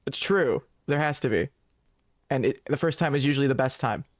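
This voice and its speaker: A man's voice: medium pitch, a little fast, dry recording, studio quality. Giggly young man playing a game. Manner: giggly, goofy, reads game dialogue aloud. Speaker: podcast host playing a game. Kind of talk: casual let's-play chat.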